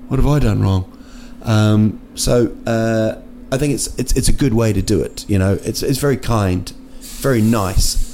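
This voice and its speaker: A man's voice: on the low side, measured pace, few pauses, mellow, a little hiss or hum. A man, hosting a podcast as a comic monologue, rambling and jokey with lots of restarts and fillers. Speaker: podcast host and comedian. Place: indoors at night in a city.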